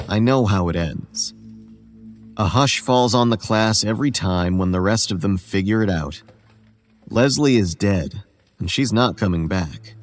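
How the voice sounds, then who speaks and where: A man narrating as a weary, ageless boy. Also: lowish voice. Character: weary, homeless boy who looks about eleven. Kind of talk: first-person horror story narration. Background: soft music.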